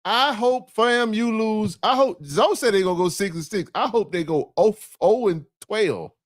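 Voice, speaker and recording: Hosting a casual sports talk show, a man speaks in a high, bright voice at an unhurried pace. He piles on repetition and playful trash talk, and the recording is dry and close.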